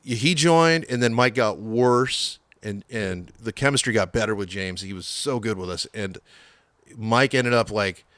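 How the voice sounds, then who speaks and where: Animated, foul-mouthed middle-aged male storyteller. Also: on the low side, a little slow, no echo. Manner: animated storyteller, swears a lot, acts out quotes. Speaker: guest. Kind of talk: casual interview storytelling.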